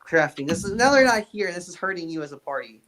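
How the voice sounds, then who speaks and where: A man's voice: sits high, expressive, quick pace, fairly bright tone. A man running a tabletop horror campaign as game master, rambling and stumbling over repeated words.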